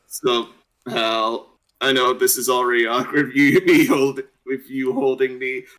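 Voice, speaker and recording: A man's voice: medium pitch, flat delivery, a little slow, a bit bright, low-quality recording. A man playing a tabletop game, joking and laughing between lines. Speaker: player.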